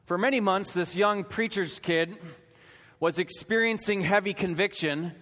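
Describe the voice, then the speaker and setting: A man's voice: sits high, measured pace. Dramatic preacher man in a reverberant church. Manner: dramatic storytelling preacher, rising to shouts. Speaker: pastor. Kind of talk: sermon. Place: church sanctuary.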